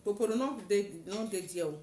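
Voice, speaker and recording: A woman with a Nigerian Pidgin accent tells a personal story dramatically, acting out the shouts of the people in it. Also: mid-range voice, lively intonation, brisk. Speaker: testifier. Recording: roomy echo, faint noise.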